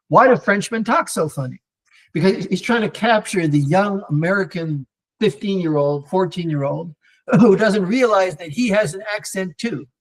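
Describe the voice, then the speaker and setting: A man teaching an online Torah class, talking in a lively, digressive way with many restarts and fillers and mixing in Hebrew terms. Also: high voice. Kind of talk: animated live online lecture answering viewer comments.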